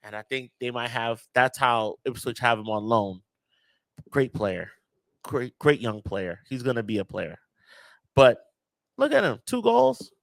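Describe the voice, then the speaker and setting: Fan-channel host: man, high pitch, dry room, emphatic and exasperated. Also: very animated, moderate pace, vocal fry, fairly bright tone, no echo. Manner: emphatic, exasperated, addresses viewers directly. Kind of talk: casual reaction rant.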